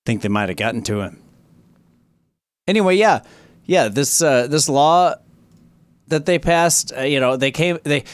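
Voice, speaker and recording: A man's voice: a little high, animated, unhurried, long pauses, clean tone, dry recording. A man hosting an internet radio show, talking casually in a rambling, profane, sardonic way. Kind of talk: casual chat.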